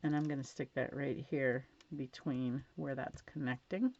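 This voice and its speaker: Very deep and darkish in tone, her voice keeps fairly even intonation at a measured pace. She's a stamping instructor at her home craft desk, chatty and filler-heavy, gushing over her results in a dull lo-fi home recording.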